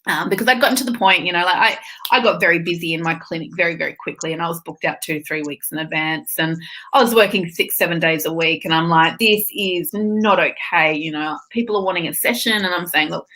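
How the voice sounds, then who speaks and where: Bright, forceful woman telling candid stories. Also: on the low side, quick pace. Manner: candid, expressive storytelling with swearing and laughs. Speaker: spiritual teacher and guest. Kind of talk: casual storytelling interview.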